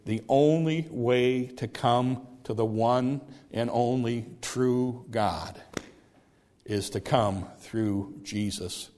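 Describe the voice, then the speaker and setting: A man preaching a sermon, earnest, who repeats words as he builds a point and slows down to stress key phrases. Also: medium pitch, a little mellow.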